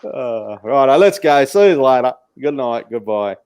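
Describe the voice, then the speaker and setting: A man's voice: medium pitch, lively intonation, measured pace, darkish tone, smooth, no room sound. A man hosting a casual podcast, laid-back, swearing and laughing easily as he wraps up the show. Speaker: podcast host. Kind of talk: casual chat, signing off the show.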